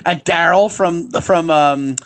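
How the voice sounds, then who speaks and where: A man's voice: a little high, slow, a bit bright. A man guesting on a comedy podcast, telling chatty, jokey stories in casual banter.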